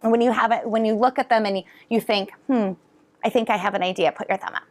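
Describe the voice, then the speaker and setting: A middle-aged woman educator giving a conference talk to parents and teachers, animated and drawing answers from the audience. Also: mid-range voice, quick pace. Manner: animated, asks the audience to respond. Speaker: educator presenter. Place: conference hall.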